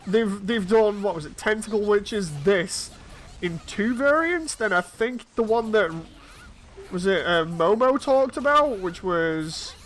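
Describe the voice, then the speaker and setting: A man's voice: high-pitched, lively intonation, takes it slowly, fairly bright tone, a little hiss or hum. A man in his thirties, chatting casually and telling rambling stories while streaming a game. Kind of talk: casual chat while playing.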